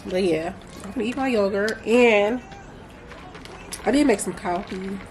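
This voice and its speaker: A woman's voice: medium pitch, unhurried, a little mellow, slight background noise. A young woman chatting casually to camera as a vlogger at home, playful and laughing easily. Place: home, indoors.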